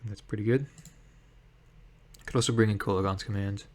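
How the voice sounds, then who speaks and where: Low-voiced man musing over a card game. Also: fairly even intonation, normal speed. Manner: thinking aloud, hesitant with fillers. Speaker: gameplay streamer. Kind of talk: casual gameplay commentary.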